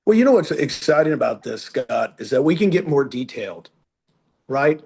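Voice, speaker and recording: A man's voice: mid-range voice, very animated, moderate pace, vocal fry, a little mellow, slightly rough. A man speaking as a guest on a training webinar over a video call, chatty and rambling with frequent restarts. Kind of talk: casual webinar talk.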